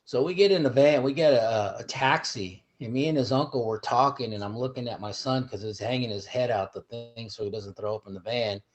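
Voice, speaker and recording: Middle-aged male co-host, mid-pitched, loose rambling storyteller. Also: brisk, few pauses, soft background music. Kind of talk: casual chat.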